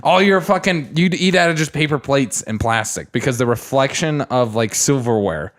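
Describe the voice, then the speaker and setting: A young man co-hosting a casual podcast. His pitch rises and falls a lot as he acts out the people in his stories. He swears freely and keeps the talk loose. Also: moderate pace. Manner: animated storyteller, swears freely, acts out quotes. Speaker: podcast co-host. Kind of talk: casual chat.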